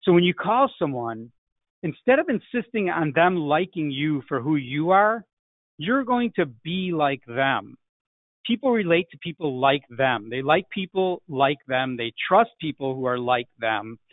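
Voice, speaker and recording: Sales coach, male, fairly high voice, emphatic, thin phone-like sound. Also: very animated, normal speed, dry recording. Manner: emphatic, frequent "right?" tags. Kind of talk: online sales class. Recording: tinny phone-like line, dry.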